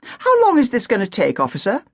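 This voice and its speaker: Woman doing posh cranky lady, bossy and sharp, voice jumps around a lot, raspy, audiobook. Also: a little high, huge pitch swings, brisk, no room sound, studio quality, pitched above the performer's own voice, exaggerated voice. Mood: impatient. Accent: posh English. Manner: indignant, sharp and imperious. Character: posh, impatient middle-aged woman, quick-tempered. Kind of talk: audiobook narration.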